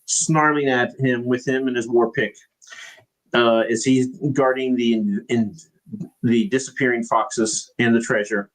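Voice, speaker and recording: A man's voice: mid-range voice, steady tone, measured pace, low-quality recording. A man narrating as game master in a casual, hesitant way with many fillers.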